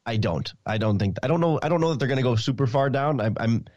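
A man's voice: mid-range voice, animated, fast, darkish tone, no room sound, highs cut off. A man guest on a podcast, chatting about football, talkative and repeating words as he thinks. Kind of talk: casual sports chat.

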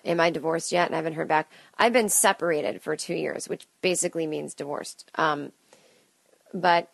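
A gravelly, lowish female voice with no echo. The speaker, a podcast host and comedian in her late thirties, talks alone at home into a close studio mic, rambling stream-of-consciousness with self-deprecating, chatty asides.

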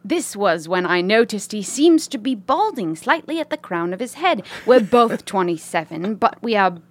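A woman's voice: mid-range voice, big pitch swings, moderate pace. A woman podcast host reading a listener email aloud with a playful, put-on British accent. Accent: mock British.

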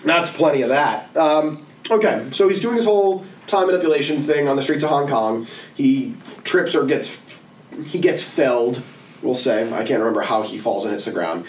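A man co-hosting a casual podcast, talking in animated bursts that drop into mumbled asides. His voice swings widely in pitch. He sits a little back from the mic, with faint room noise behind him. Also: moderate pace, reverberant, distant mic, poor audio. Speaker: podcast co-host. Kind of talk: casual chat.

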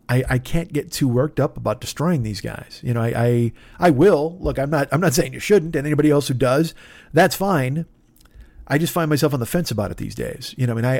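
A man talking off the cuff as a podcast host, swearing freely and circling back on his own sentences. His voice sits at an ordinary middle pitch. The sound is close and dry, with no room around it. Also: darkish tone, no echo. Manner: profane, rambling, self-interrupting. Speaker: comedian. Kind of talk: casual monologue.

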